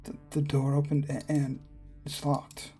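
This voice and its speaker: A man reading a visual novel aloud for his channel, in the first person with quick reactive asides. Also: fairly high pitch, monotone, mellow, soft background music. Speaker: gaming YouTuber.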